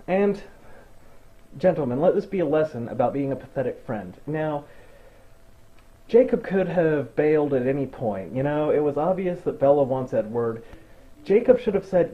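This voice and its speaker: A man's voice: on the high side, animated, moderate pace, phone-quality sound. A young man giving a sarcastic, profanity-laced movie recap, ranting and mocking the plot. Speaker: movie reviewer.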